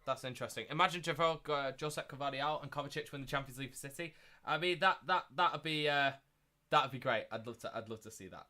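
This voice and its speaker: A young man hosting a live watchalong stream, chatting casually and repeating himself, getting loud and excited at big moments. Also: medium pitch, fast. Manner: excitable, repeats phrases, shouts when thrilled.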